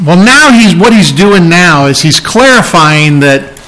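Conversational man preaching, fairly high voice. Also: expressive, unhurried, fairly bright tone, poor audio. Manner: conversational preaching with frequent restarts and fillers; reads and explains Bible verses, rising for emphasis. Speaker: pastor. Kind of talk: sermon.

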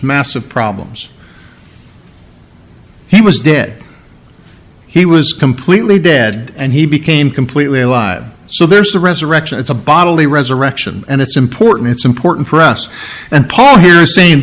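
A man's voice: fairly high pitch, fairly bright tone. A man preaching an expository sermon, teaching verse by verse in an emphatic way and repeating key words for weight.

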